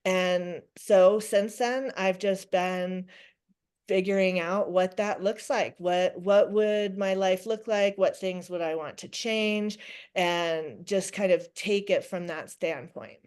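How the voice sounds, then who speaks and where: A woman's voice: fairly low pitch, slow, darkish tone, smooth. A middle-aged woman speaking as a podcast guest, talking things through reflectively with frequent restarts. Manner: reflective, many restarts and quoted self-talk. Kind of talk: conversational interview.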